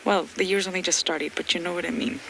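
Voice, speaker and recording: A woman giving live safari commentary from a vehicle outdoors, excited and emotional, sometimes dropping to a whisper. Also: lowish voice, quick pace, creaky, slight background noise, poor audio. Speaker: safari guide presenter.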